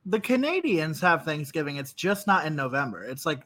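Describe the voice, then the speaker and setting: A woman from Northeast Ohio co-hosting a podcast from her home desk, chatting casually with lots of fillers and sudden jumps in pitch. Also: big pitch swings, a little fast, a bit bright. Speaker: podcast co-host. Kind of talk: casual chat.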